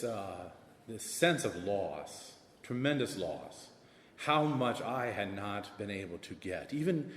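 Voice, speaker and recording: A man with a Southern drawl, an assistant principal speaking on a panel, wordy and animated with self-deprecating jokes. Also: on the low side. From American South. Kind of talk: panel talk. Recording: echoey hall with long reverb.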